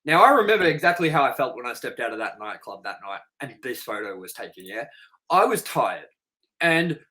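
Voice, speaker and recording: Fairly quick and mid-range in pitch, this man hosts a laid-back podcast over poor-quality audio. He's blunt and foul-mouthed as he tells his stories, animatedly imitating what others said.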